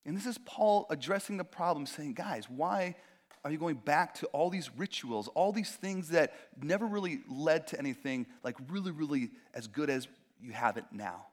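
A man preaching a sermon in a conversational, animated way, acting out quoted voices and making jokey asides. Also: on the high side, moderate pace. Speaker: pastor.

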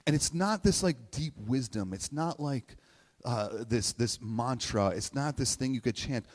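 A pastor gives a conversational sermon in a hall with long reverb, his mid-range voice lively in intonation and measured in pace. He grows emotional, near tears at times, and keeps asking "right?"

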